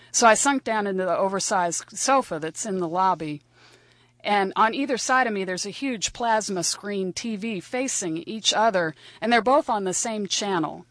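A woman's voice: medium pitch, fairly bright tone, no echo. A woman telling a first-person story in a wry, conversational and vivid way.

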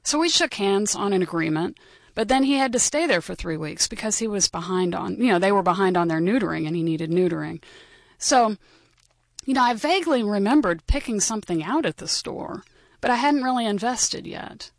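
A woman's voice: medium pitch, animated, a little fast, no room sound. A woman in her forties telling a personal story as a radio show guest, with dry, wry humor.

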